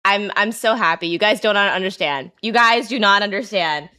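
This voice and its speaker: A woman streamer in excitable, giggly casual chat, often repeating herself. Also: medium pitch, normal speed, clean tone.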